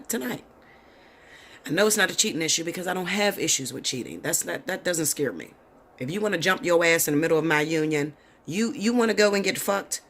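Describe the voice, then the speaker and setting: Blunt, profane woman tarot reader. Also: sits low. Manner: blunt, profane, animated storytelling. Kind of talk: casual tarot reading monologue.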